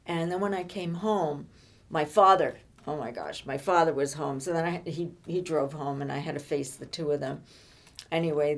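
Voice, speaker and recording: Older woman telling a story, low voice. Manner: halting, repeats words and restarts often. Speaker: interviewee. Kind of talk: personal storytelling conversation.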